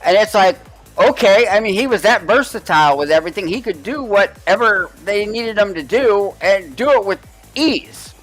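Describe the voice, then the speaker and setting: A man's voice: high voice, animated, moderate pace, fairly bright tone, soft background music, low-quality recording. A man in casual podcast chat, rambling and restarting sentences, swearing freely. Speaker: podcast co-host.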